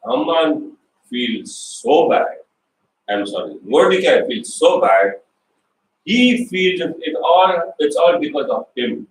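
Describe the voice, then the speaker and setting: A man preaching an animated sermon. He tells the story in his own words, acts out the people in it and asks the congregation questions. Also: a little high, slow pace, a little hiss or hum. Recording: echoey hall, recorded from far off.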